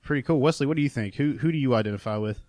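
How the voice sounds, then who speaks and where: A man co-hosting a podcast, chatting casually with lively, laughing asides. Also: medium pitch, very fast, no room sound. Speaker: podcast co-host.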